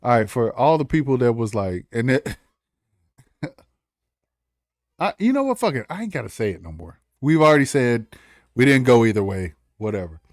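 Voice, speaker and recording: Animated laughing man quoting movies. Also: medium pitch, normal speed, long pauses, no echo, clean studio sound. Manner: heavy profanity. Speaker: podcast co-host. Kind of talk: casual chat.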